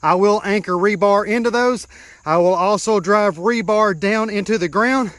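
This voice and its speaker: A man's voice: high voice, normal speed, a bit bright, dry recording. A man walking viewers step by step through a backyard build in casual, hands-on talk. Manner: explains step by step, points things out. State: out of breath at times. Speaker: DIY vlogger. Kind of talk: casual DIY build walkthrough. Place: outdoors in a backyard.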